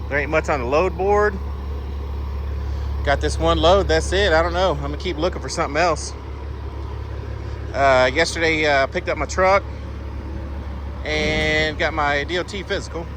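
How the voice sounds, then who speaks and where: A man's voice: a little high, a bit bright, a little hiss or hum. A man, a truck driver vlogging casually about his day, plainspoken and rambling with sighs and fillers, talking into a handheld phone outdoors. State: out of breath. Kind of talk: casual vlog chat. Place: at a truck and around a loading yard outdoors.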